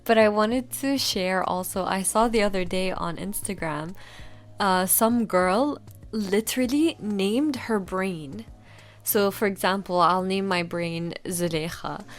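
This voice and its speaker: A woman's voice: medium pitch, a little slow. A woman hosting a podcast, chatting in a friendly, enthusiastic way. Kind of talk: casual podcast chat.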